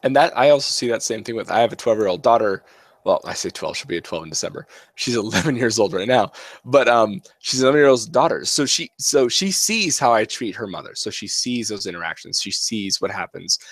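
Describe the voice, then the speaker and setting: A man's voice: lowish voice, animated, a little fast, dry recording. A man co-hosting a casual podcast chat, speaking in an earnest, reflective way and often repeating himself. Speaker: podcast co-host.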